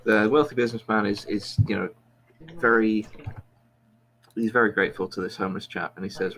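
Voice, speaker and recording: A man's voice: lowish voice, steady tone, a little fast, a bit bright, a little hiss or hum. A man, a podcast host, telling a long joke in a rambling, self-mocking way with many restarts.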